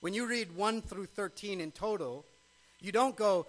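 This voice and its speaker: A man's voice: sits high, measured pace, a bit bright, poor audio. A male pastor preaching a sermon, emphatic, with frequent rhetorical questions.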